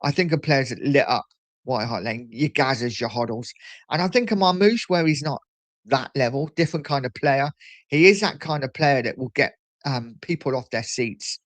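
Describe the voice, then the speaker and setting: A man's voice: mid-range voice, moderate pace, dry recording. A middle-aged man hosting a casual livestream, chatting and reading viewer comments aloud. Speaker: livestream host.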